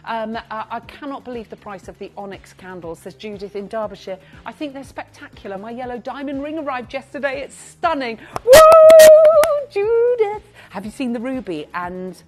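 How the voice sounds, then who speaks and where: A woman presenting live shopping TV, chatty and gushing as she reads out buyers' names, now and then clearing her throat. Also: medium pitch. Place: TV studio.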